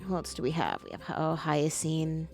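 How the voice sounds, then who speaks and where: A woman's voice: low voice, normal speed. A woman live-streaming a video game, chatting casually and talking to her pet as she plays, with faint game music underneath.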